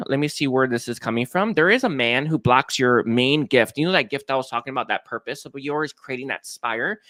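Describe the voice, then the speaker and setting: A man's voice: mid-range voice, a bit bright, dry recording, studio quality. A man giving a live-streamed psychic reading, talking with many fillers and restarts. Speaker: psychic reader.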